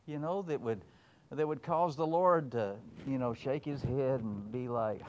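A man's voice: mid-range voice, measured pace, muffled recording, a little hiss or hum. Folksy emphatic male preacher. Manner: folksy, emphatic, voices God in asides. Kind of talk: sermon with scripture reading.

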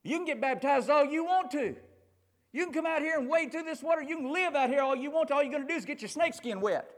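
A preacher voicing a fiery scolding prophet. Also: male voice, very high-pitched, in a large hall, voice pushed up. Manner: fierce rebuking, rapid bursts. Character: fiery adult male prophet scolding a crowd.

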